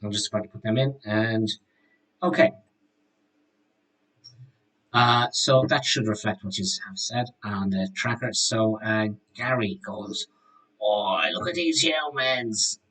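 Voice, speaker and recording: A man's voice: lowish voice, steady tone, a little slow, pauses often, a bit bright, rough recording. A man narrating and refereeing a tabletop role-playing game in a casual, chatty way, explaining rules as he goes. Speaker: dungeon master.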